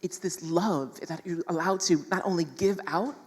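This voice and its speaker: Husky low-voiced woman telling her story. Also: moderate pace, big-room sound. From New York City. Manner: animated, emphatic, laughs often. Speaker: speaker in a stage talk. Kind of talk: personal storytelling talk to an audience.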